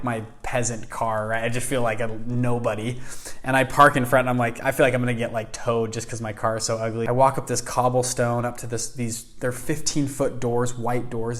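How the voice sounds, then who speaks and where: A young man recounts a personal story with lively energy, slipping into other people's voices as he quotes them. His pitch sits in an ordinary middle range. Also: moderate pace. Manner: animated, acts out quoted voices. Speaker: fund founder telling his story.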